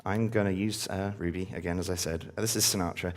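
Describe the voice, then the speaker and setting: Fillers pile up as a man presents a casual live-coding talk to conference attendees. His voice is low-pitched with fairly even intonation, he moves at a quick pace, and he sounds upbeat when he interacts with the audience.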